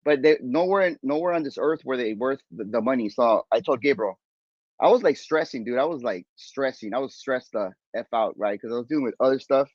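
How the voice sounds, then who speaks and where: A man's voice: mid-range voice, a little fast, dry recording, muffled recording. Rambling man telling a story casually. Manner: rambling, animated retelling with many fillers and restarts. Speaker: podcast host.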